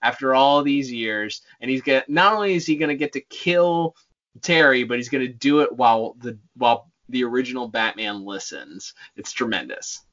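A man's voice: medium pitch, lively intonation, normal speed, fairly bright tone, muffled recording. A man co-hosting a podcast in casual chat, enthusiastic. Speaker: podcast co-host.

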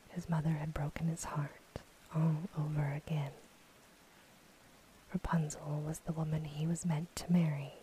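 A woman whispering a calm, steady storybook narration in a whispered role-play. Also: sits low, a little hiss or hum, low-quality recording.

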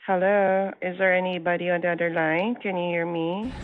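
A woman answers a reservations line, her low voice flat and even over a tinny phone connection. She stays patient and sticks to the script. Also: moderate pace, a little hiss or hum. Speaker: reservations agent. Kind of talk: customer service call.

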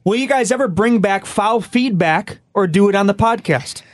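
A man's voice: high-pitched, normal speed. A young man co-hosting a casual sports podcast, reading out listener questions. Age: young adult. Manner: reads listener questions aloud. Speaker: podcast co-host.

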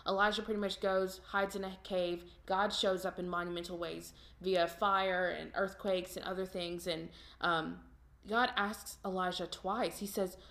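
A woman's voice: lowish voice, level tone, moderate pace, fairly bright tone. A woman co-hosting a faith podcast, casually retelling a scripture passage with frequent ums. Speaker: podcast co-host.

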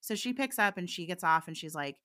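A woman's voice: lowish voice, lively intonation, fairly quick, a bit bright. A woman, a psychic medium guest, telling a story in a candid, chatty way and laughing often. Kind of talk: casual anecdotal storytelling.

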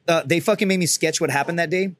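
A former Marine sniper telling rambling, profane war stories in casual chat, full of restarts. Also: male voice, fairly high pitch, fast, fairly bright tone. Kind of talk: casual storytelling.

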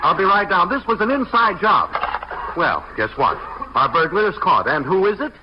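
An actor playing an exasperated, wisecracking young husband, in 1940s radio acting. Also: male voice, sits high, sing-song, moderate pace. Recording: muffled old radio recording with hiss.

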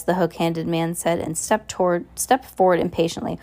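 Lady reading a kids book aloud, lowish voice, stumbles and restarts, pitches up for the characters. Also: steady tone, mellow. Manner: halting, with restarts and asides; raises pitch for dialogue voices. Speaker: reader. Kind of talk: amateur audiobook reading.

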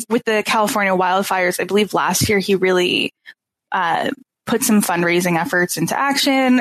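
A woman's voice: mid-range voice, fairly bright tone, no room sound. A woman in her twenties, a podcast guest, talking earnestly and nostalgically with frequent ums. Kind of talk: casual podcast chat.

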